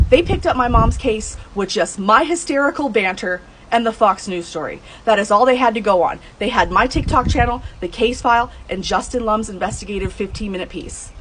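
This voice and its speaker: Woman, thirties or older, first-person vlogger, blunt and heated, voice sits a touch high, faint room noise. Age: adult, over 30. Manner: blunt and heated, swears, rises to high outbursts. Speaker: true crime vlogger telling her mother's case. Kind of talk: emotional first-person storytelling.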